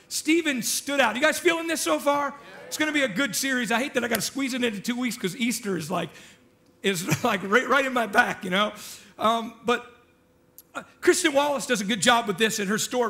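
A man's voice: very high-pitched, sharp tone. A male pastor giving a casual sermon, chatty and joking, often asking the congregation questions.

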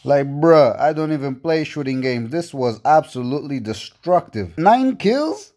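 A young man giving gameplay commentary, full of loud, exasperated reactions and constant swearing. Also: mid-range voice, normal speed. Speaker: gaming YouTuber. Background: background music.

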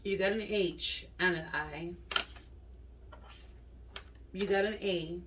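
A fairly low-voiced woman talks through a casual tarot reading in blunt, slangy, profane bursts, rambling from thought to thought. She sits well back from the mic. Clicks and steady background noise run under her voice. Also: takes it slowly, far from the mic. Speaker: tarot reader.

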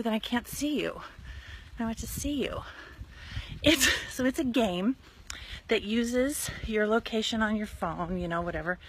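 A woman chatting casually on a live stream while walking outdoors in her neighborhood, telling animated stories and acting out conversations into a phone held at arm's length. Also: fairly high pitch, slight background noise. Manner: animated chatty storyteller, acts out quotes. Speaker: network marketer.

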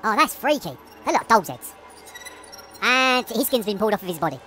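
A woman's voice: mid-range voice, sing-song, a little fast, pushed and bright, faint music behind. A woman giving nervous, jumpy commentary while playing a horror game, swearing often and laughing through the fear. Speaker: let's play gamer.

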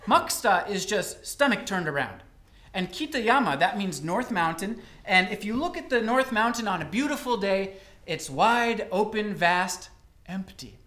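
A man does an exaggerated, pushed and bright high-pitched voice with lively intonation at an unhurried pace. On a college stage in a roomy hall, he tells a comic story live to an audience, playing a bossy, know-it-all traveler from Osaka who confidently lectures his friend.

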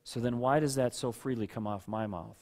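A man's voice: medium pitch, a little fast. Conversational male pastor preaching. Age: adult with children. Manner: conversational preaching, rising to loud rhetorical outbursts; calls on listeners by name. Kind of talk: sermon.

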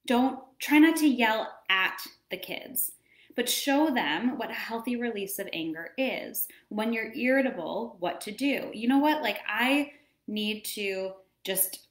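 A woman in her thirties giving casual parenting advice as a coach, chatty and animated, acting out little scenes as she talks. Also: mid-range voice, moderate pace, echoey room. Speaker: wellness coach.

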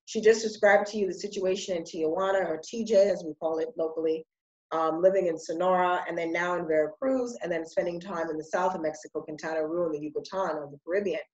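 Woman host, lower voice, chatty and affirming, roomy lo-fi audio. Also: fast, darkish tone. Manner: chatty, affirming interjections and explanations. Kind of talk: conversational interview.

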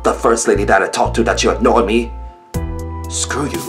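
A man's voice: medium pitch, steady tone, normal speed, over music. A man telling a comic story with an exaggerated, self-mocking delivery as a skit narrator.

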